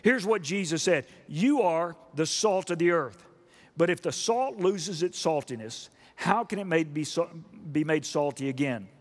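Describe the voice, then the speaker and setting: A man preaching a sermon emphatically, asking the congregation questions and building up to loud repeated stresses. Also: a little high, expressive, measured pace. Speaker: pastor. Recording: long reverb of a large hall.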